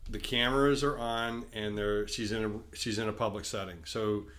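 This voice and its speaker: Male co-host, slightly low voice, dry and wry in conversation. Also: fairly even intonation, moderate pace, fairly bright tone. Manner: wry commentary, dry asides. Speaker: podcast co-host. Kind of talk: casual recap chat.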